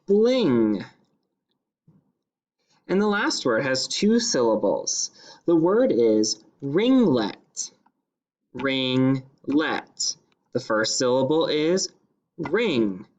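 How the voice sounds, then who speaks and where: A male teacher giving a phonics dictation lesson, sounding out each word part by part in a slow, deliberate way. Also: on the high side, sing-song, a little mellow.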